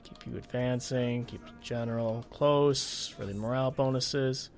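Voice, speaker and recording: Thinking out loud while playing a strategy game, this gaming channel host swears whenever things go wrong in his let's play commentary. His mid-range voice stays steady and moves a little slowly, with faint music in the background.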